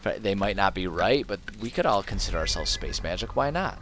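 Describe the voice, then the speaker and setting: A man's voice: lowish voice, animated, a little fast, noisy background. A male streamer giving casual, sarcastic commentary while playing, heckling the characters. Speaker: game streamer. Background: faint game music.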